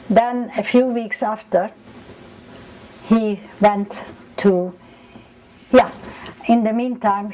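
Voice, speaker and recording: A woman's voice: medium pitch, rough recording. An older woman, recounting memories in an oral history interview and acting out the people she quotes. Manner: animated storytelling, acts out quoted voices.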